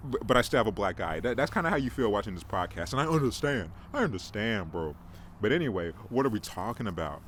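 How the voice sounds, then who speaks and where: A young man with a lowish, slightly bright voice hosts a casual solo podcast, talking quickly with big swings in pitch. He rambles, jokes at his own expense and keeps restarting his sentences. Faint background noise sits under the recording.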